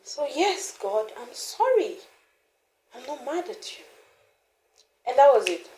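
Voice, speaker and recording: A woman in an interview, candidly telling a personal story with frequent laughter and animated restarts. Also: sits high, slow, echoey room, slight background noise, poor audio. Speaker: founder of a mothering community, interview guest.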